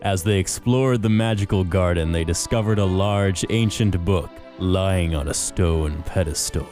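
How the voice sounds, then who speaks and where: A man's voice: deep voice, unhurried, a little mellow, faint music behind. A man co-hosting a podcast, chatting casually and narrating a children's story in a sinister movie-trailer style. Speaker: podcast co-host.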